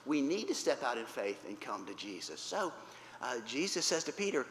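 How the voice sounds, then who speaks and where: This man's medium-pitched, slightly bright voice is very animated as he tells a Bible story to kids at a moderate pace. He keeps his points simple, repeats them, and asks "right?" and "okay?" along the way. The recording carries the reverb of a spacious church hall and faint background noise.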